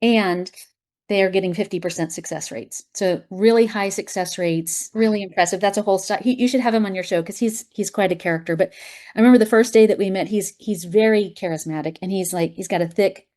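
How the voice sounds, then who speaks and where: A woman guest in a conversational interview, talking emphatically with strong opinions and quick asides. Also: medium pitch, a little mellow. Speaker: guest, acupuncturist and app founder.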